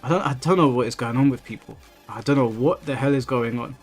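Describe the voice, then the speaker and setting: A man's voice: mid-range voice, quick pace, soft background music. A man hosting a gaming livestream, chatting bluntly and profanely with viewers. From England. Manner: blunt, profane, animated retelling. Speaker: livestream host. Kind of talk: casual chat reading viewer messages while gaming.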